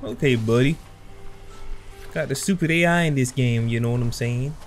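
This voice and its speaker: A man's voice: medium pitch, normal speed. A young man hosting a let's play, commenting in a slangy, trash-talking way as he fights through a game. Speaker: gaming channel host. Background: game music.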